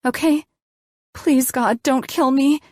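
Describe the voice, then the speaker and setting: A woman voicing a frightened, combative young woman patient, pleading in a shrill, desperate voice. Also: normal speed, no room sound, studio quality, close to an everyday voice. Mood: terrified pleading.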